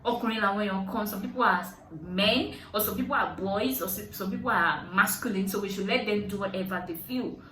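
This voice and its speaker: A young adult Nigerian woman with a Nigerian accent, vlogging, telling a story with lively, high-pitched outbursts when she quotes people. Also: a little fast, few pauses, recorded from a distance. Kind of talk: animated storytelling. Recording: echoey room, voice set back from mic.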